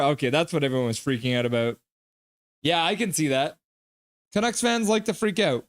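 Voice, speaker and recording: A man's voice: on the high side, expressive, moderate pace, fairly bright tone, clear, resonant tone, no room sound, studio quality. A man hosting a casual live stream, reading viewer comments aloud and riffing on them in a loose, chatty way. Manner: chatty, loose, many fillers. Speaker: livestream host.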